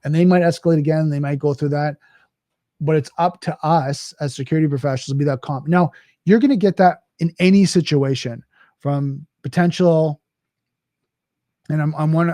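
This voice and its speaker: Middle-aged male host, casual solo Q&A delivery, mellow slightly high voice, dry close mic. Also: no echo. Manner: conversational with frequent restarts and "right?". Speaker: cybersecurity host. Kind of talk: solo Q&A talk.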